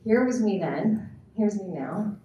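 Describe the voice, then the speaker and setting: A woman's voice: medium pitch, lively intonation, a little slow, warm tone, muffled recording, slight background noise. A woman in her thirties, a teacher, giving an earnest, reflective talk on a festival stage with some fillers. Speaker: teacher and speaker. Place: festival stage in a large hall. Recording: echoey hall, voice picked up from a distance.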